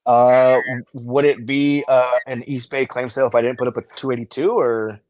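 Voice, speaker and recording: A man co-hosting a live comic book claim sale, laughing often and swearing casually as he pitches books. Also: little pitch movement, normal speed, a little mellow, no room sound. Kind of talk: casual live-stream banter and sales.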